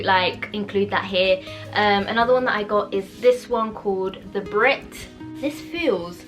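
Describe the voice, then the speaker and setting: A woman chatting casually about books she has bought, bubbly and giggly, with animated outbursts. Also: on the high side. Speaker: book vlogger. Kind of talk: casual book haul chat.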